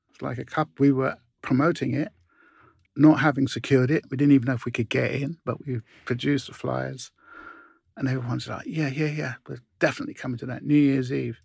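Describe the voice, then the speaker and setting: British man in his 60s, interview guest, gravelly and husky, dry close sound, relaxed storyteller. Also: mid-range voice, no room sound. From Britain. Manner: relaxed anecdotal, restarts and asides.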